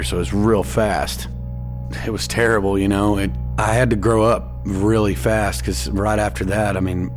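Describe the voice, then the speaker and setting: A young man, telling his own story in a casual, plainspoken way full of fillers. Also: lowish voice. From East Texas. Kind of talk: personal story told to a radio show. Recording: music playing under the voice.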